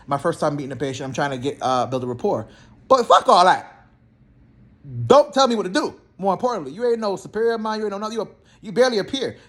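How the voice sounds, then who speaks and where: Man, young adult, slangy and blunt, somewhat high voice, casual storytelling. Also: fast talker. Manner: blunt, animated, slangy, acts out both sides of conversations. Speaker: therapist in healthcare.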